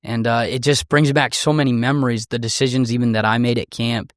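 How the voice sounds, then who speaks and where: A man's voice: mid-range voice, a little fast, dry recording. A man with an ordinary mid-range voice talks easily on a faith podcast, agreeable and chiming in often. The recording is dry and close. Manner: relaxed, agreeable, short backchannel replies. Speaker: podcast co-host. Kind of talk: casual chat.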